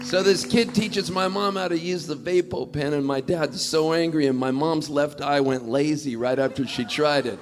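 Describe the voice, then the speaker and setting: Animated storytelling man with music behind. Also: on the high side, moderate pace, few pauses. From Southern California. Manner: animated, jokey storytelling that shifts into song. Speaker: singer-songwriter performing. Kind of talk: storytelling stage banter. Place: live concert stage.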